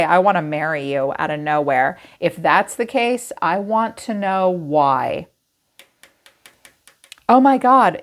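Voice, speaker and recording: A woman giving a casual tarot reading to camera, chatty and frank, who swears and laughs easily. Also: medium pitch. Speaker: tarot reader.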